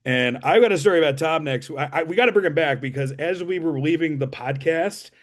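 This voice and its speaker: A man hosting a podcast, rambling through show plugs in a self-deprecating way with halting fillers. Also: a little high. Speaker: podcast host.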